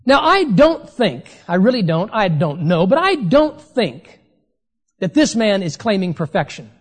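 A preacher delivers a sermon with emphatic conviction, dropping to a slow, deliberate pace to press home the key phrases. The voice rings out with a long reverb tail, as if recorded in a large hall. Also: mid-range voice, big pitch swings, husky.

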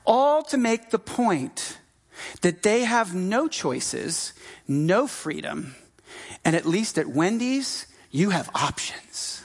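Middle-aged pastor from the US, sermon, chatty delivery, emphatic repeats, medium pitch. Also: big pitch swings, slow, creaky. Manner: conversational, with frequent fillers and restarts; emphatic, repeating key phrases.

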